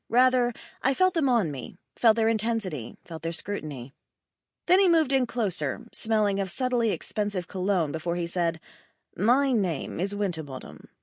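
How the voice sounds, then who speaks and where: A woman tells a first-person story in a wry, expressive voice whose pitch moves lively up and down. She reads into a studio mic with a close, dry sound. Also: no room sound. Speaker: audiobook narrator. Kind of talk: first-person audiobook narration.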